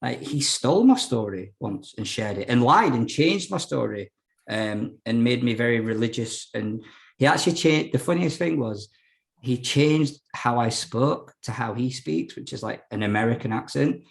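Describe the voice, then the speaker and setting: A young man speaks as a podcast guest, casually telling his story in a frank, rambling way full of fillers and restarts. His voice sits at a medium pitch with lively intonation, a moderate pace, and some vocal fry.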